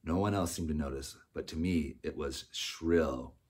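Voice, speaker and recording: An audiobook narrator, a man, reads a storybook aloud in a calm, unhurried manner. His voice is very deep with a slight husk, and his scripted narration keeps an even storytelling tone.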